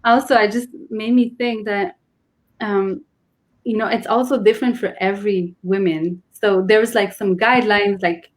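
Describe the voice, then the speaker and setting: A woman's voice: mid-range voice, steady tone, moderate pace. A woman, a guest in a casual conversation, explaining earnestly with many restarts.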